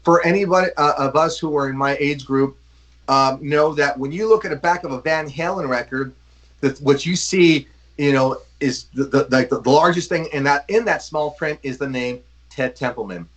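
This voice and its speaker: A man in his fifties from Los Angeles, a guest drummer telling a profane, animated story with lots of fillers in a casual interview. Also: on the high side, normal speed. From Los Angeles, USA.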